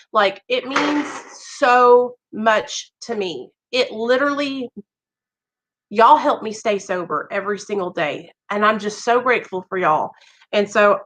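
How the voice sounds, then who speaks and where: A young woman chatting warmly with viewers on a livestream, greeting them by name. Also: a little high, low-quality recording. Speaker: livestream host. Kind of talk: casual livestream chat.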